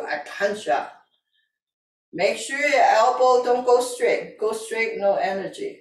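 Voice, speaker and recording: A woman leads a tai chi session at an unhurried, slow pace, calmly repeating cues to breathe in and out. Her voice comes from some distance away in an echoey room. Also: fairly high pitch. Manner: calm, repetitive breathing cues, simple non-native grammar. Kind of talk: guiding an exercise class.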